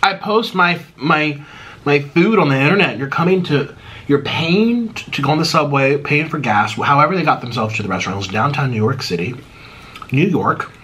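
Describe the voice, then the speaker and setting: With a fairly high, slightly bright voice and lively intonation, this American mukbang creator talks at a normal speed while eating. His casual chat with viewers wanders, and he keeps interrupting and restarting his own sentences.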